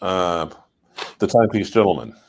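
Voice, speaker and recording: A man chatting on a livestream, calmly recounting what he has heard. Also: sits low, moderate pace, gravelly. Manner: easygoing storyteller, relaxed. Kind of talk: casual livestream chat.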